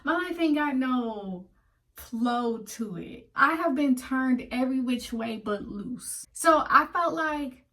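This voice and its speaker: A woman vlogging a casual monologue to her viewers, blunt and profane as she rants heatedly. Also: high-pitched. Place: home in Atlanta. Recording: voice a bit far from the mic.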